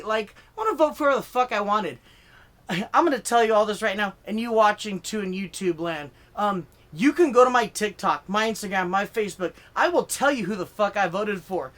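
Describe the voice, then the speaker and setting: A male comedian films himself delivering a profane, comedic political rant, swearing freely and getting worked up. His high, expressive, fairly bright voice moves at a moderate pace, and his riffing for laughs rambles and restarts with many fillers.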